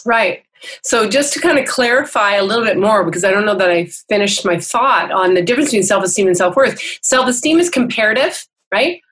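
A woman's voice: mid-range voice, animated, a little fast, a bit bright, slightly rough, rough recording. Earnest woman counselor explaining. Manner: earnest, instructive, often tags "right?". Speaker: counselor and teacher, guest. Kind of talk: explanatory interview talk. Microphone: video call.

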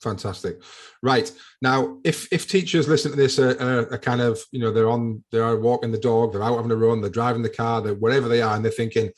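A man's voice: mid-range voice, fairly even intonation, a little fast. A man hosting an education podcast, asking long, rambling questions and responding with enthusiasm. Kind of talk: podcast interview.

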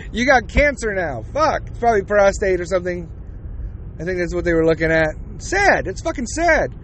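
A man's voice: high voice, sing-song, moderate pace, a bit bright, slight background noise. A man in his forties hosting a podcast, ranting bluntly with plenty of swearing. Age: 40s. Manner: profane, blunt, heated. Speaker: podcast host. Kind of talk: opinionated podcast rant.

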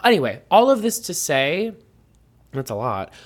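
A man's voice: a little high, sing-song, moderate pace. A man co-hosting a casual chat podcast, rambling with lots of ums and likes. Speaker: podcast co-host.

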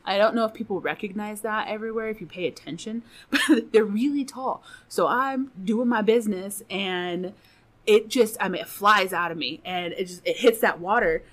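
A woman's voice: mid-range voice, normal speed. A woman guest on a podcast telling a funny personal story in casual, profane chat, laughing often.

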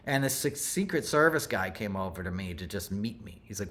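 A man's voice: lowish voice, brisk, hardly any pauses, fairly bright tone. A middle-aged man hosting a podcast, telling a story in a loose, rambling way with plenty of asides and self-corrections. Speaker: podcast host. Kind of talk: casual storytelling monologue.

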